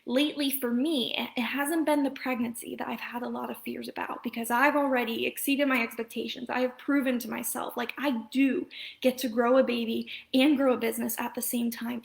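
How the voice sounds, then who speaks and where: A pregnant woman in her thirties, a mom coach, talking earnestly to viewers on a live stream, rambling with many fillers and restarts and often dropping into a soft whisper. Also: fairly high pitch, vocal fry. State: heavily pregnant. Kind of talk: Facebook Live talk to viewers.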